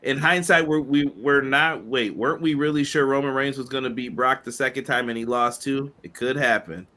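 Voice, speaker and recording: A man with a medium-pitched voice co-hosts a casual podcast. He reads viewer comments aloud in an easy, relaxed way and chuckles between them. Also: normal speed. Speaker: podcast co-host reading chat.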